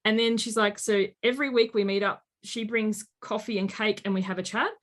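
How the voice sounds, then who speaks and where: A woman in her late thirties, a life coach telling stories in an interview and acting out quoted speech with lively energy. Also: medium pitch, brisk. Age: late 30s. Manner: animated storyteller, acts out quotes. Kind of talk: conversational interview.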